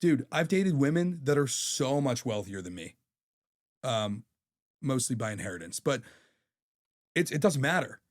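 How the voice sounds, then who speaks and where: A man's voice: medium pitch, very animated, unhurried, pauses often. Candid, profane man in his thirties. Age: 30s. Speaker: podcast guest. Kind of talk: casual chat.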